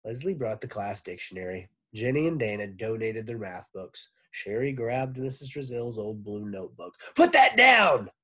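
A man, a teacher, reading a children's book aloud with expressive narration. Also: on the low side, normal speed, few pauses. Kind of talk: storybook read-aloud.

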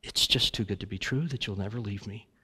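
Male prayer leader, husky voice, earnest and halting, confessional. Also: on the low side, sharp tone. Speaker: guest preacher leading prayer. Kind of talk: spoken prayer. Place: church sanctuary.

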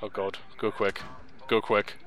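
A man's voice: on the low side, little pitch movement, a little slow, a bit bright. A man commenting as a friend plays a video game, dry and teasing. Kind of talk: casual let's-play chat.

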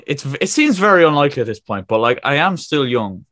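A man's voice: a little high, big pitch swings, brisk, a bit bright, dry recording. A 21-year-old man co-hosting a casual podcast, laid-back, swearing freely and laughing often. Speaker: podcast co-host.

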